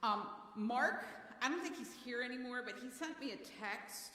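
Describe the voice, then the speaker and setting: Woman running a church meeting, kinda high voice, chatty, super roomy echo. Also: expressive, normal speed, sharp tone. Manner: chatty, with false starts. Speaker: meeting leader from the church council. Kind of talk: congregational meeting talk. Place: church hall. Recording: roomy, echoey church hall.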